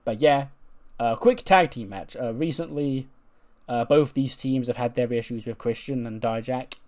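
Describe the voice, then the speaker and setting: A man's voice: medium pitch, normal speed, a little mellow. A man casually commenting on a wrestling management game, acting out the dialogue between characters and laughing often. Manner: acts out dialogue in put-on voices, laughs often. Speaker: gameplay commentator.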